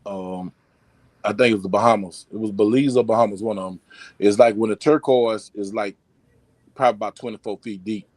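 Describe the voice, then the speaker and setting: Male podcast host, profane and animated. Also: fairly low pitch, fairly quick, no room sound. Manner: loose, rambling delivery with restarts. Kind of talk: casual podcast chat.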